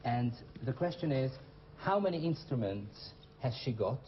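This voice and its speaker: A man's voice: medium pitch, lively intonation, normal speed, dull audio, a little hiss or hum. Man teaching an English class. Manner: encouraging, repeats students' answers. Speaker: English teacher and show host. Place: TV studio classroom.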